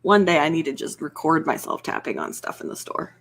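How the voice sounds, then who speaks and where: A young woman chatting casually and rambling a little, soft-spoken and quick to laugh. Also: deep voice, very animated, a little hiss or hum. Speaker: ASMR channel host. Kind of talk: casual chat on a livestream.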